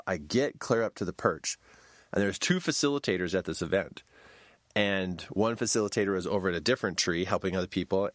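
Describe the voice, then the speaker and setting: Animated storytelling man, dry sound. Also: no room sound. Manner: animated storytelling, shouts quoted lines high. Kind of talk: storytelling talk.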